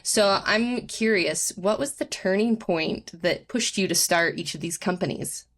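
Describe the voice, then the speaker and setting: A woman co-hosting a podcast, asking measured interview questions. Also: medium pitch. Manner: measured, laughs along. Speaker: podcast co-host.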